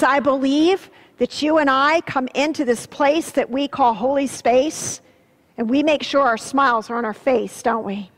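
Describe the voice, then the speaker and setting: A woman pastor giving an earnest sermon, swelling with emphasis and dropping low and soft on solemn words. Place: church sanctuary. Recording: long church-hall reverb.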